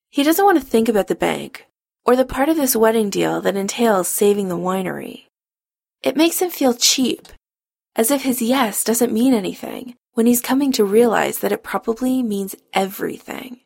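Gravelly woman narrating a romance. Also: medium pitch, no echo, clean studio sound. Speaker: audiobook narrator. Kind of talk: scripted narration of a romance story.

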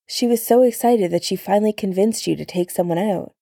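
A woman's voice: medium pitch, a little fast, gravelly, mellow, no echo, studio quality. A woman voicing a teasing easygoing young man. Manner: light, teasing, reassuring.

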